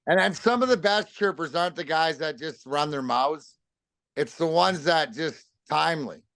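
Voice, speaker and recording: A man's voice: on the high side, moderate pace, dry recording. Rambling man telling hockey stories. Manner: swearing, rambling with restarts, animated. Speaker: podcast guest, former pro hockey player. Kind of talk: casual storytelling chat.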